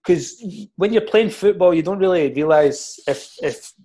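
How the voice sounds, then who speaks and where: A Scottish man, a former footballer, chatting casually and telling animated stories with laughs. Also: sits high, unhurried. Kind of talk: casual podcast chat.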